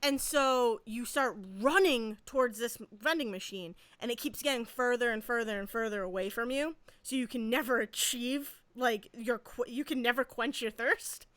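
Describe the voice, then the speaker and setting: A woman co-hosting a podcast, telling a story in a casual, animated way and laughing often. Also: fairly high pitch, normal speed, hardly any pauses, no room sound. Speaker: podcast co-host. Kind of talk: casual chat. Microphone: podcast mic.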